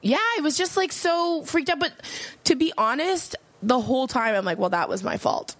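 A woman's voice: sits high, animated, moderate pace, no echo. A young woman guest on a podcast, telling a personal story candidly in a rambling way with lots of fillers. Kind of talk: casual conversation.

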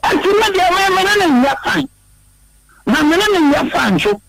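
A man's voice: extremely high pitch, big pitch swings, moderate pace, gravelly, fairly bright tone, slight background noise, poor audio. A man with a Ghanaian accent, a regional party chairman, giving heated interview answers, emphatic and repeating himself, stammering when worked up.

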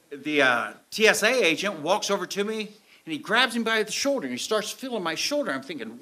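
A man's voice: sits high, big pitch swings, a little fast, hardly any pauses, a crowd in the background, noisy background. A man preaching a sermon, telling a story to a church congregation and acting out the scenes as he goes. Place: church sanctuary with audience. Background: audience laughter.

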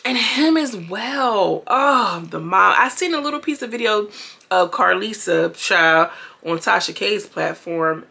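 Gravelly, blunt woman reviewing a show. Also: fairly low pitch, bright, forceful tone. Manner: chatty, addresses viewers directly; blunt, opinionated. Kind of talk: casual commentary review.

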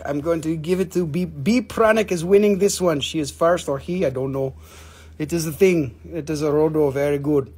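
A man with a somewhat higher, husky voice hosts a live sale, talking casually and teasing his viewers. He jokes and banters loosely as he moves from item to item. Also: moderate pace, a little mellow. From Appalachian region of the United States. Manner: joking, playful, teasing. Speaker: host selling minerals on a livestream. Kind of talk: casual live sales chat.

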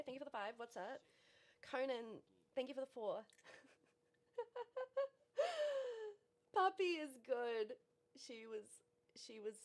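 A woman in her thirties with a New Zealand accent, livestreaming in casual chat, frazzled and laughing as she rattles off thank-yous, out of breath. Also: fairly high pitch. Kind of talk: casual live-stream chat.

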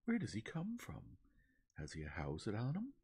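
A man voices a sensible young woman in a storybook reading, raised high and near a whisper, asking in a breathy hush. The husky softness of the ASMR reading carries through. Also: wildly swooping pitch, moderate pace, full character voice. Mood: curious. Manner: hushed, breathy, questioning. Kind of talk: soft-spoken ASMR reading.

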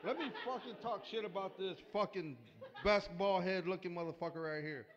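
A man's voice: high voice, brisk. A man improvising a profane roast in a pub, heckling the guests with crude insults. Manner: crude, trash-talking, heckles the crowd. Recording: echoey, dull-sounding hall recording.

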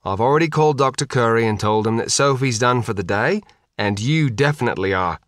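A man's voice: medium pitch, fairly quick, no room sound, lightly acted. A man voicing a weary, firm uncle and boss in an audiobook. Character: harried adult male boss, weary uncle.

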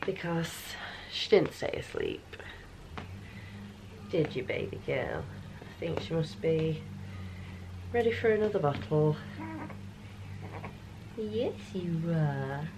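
A woman talks casually in a home vlog as a new mother. Her voice sits fairly low, and she speaks slowly. Her easy chat often turns sing-song when she addresses her baby. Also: wildly swooping pitch, vocal fry, noisy background. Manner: chatty, slips into sing-song baby talk.

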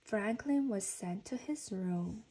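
A woman reading a children's storybook aloud in a gentle, even storytelling manner. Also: mid-range voice, takes it slowly, noisy background. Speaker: reader.

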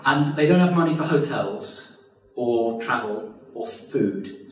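A man telling a comic history story live, animated and exaggerated, with casual swearing. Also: mid-range voice. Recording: echoey room, distant mic.

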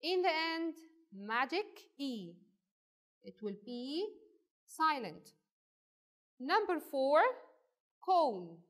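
Female kindergarten English teacher, high and lively voice, slow and patient, sing-song drilling. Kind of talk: classroom phonics lesson.

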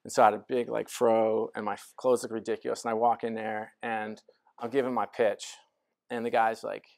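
Gravelly-voiced man telling a story. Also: fairly low pitch, level tone, a little fast, a little mellow. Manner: casual, self-deprecating, lots of fillers. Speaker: guest speaker. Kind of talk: storytelling lecture talk. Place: lecture hall.

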